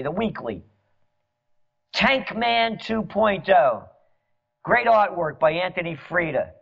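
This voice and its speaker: Gravelly, sarcastic man ranting. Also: sits high. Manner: sarcastic, mocking, rising to shouts. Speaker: trend forecaster and commentator. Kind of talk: ranting monologue. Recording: dull lo-fi audio.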